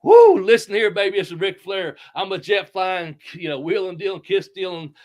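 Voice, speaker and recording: A man putting on the voice of a loud, boastful, flashy male wrestling star, cutting a shouted promo. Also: sits high, animated, normal speed, voice pushed up. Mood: cocky. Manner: strutting, shouted catchphrase promo.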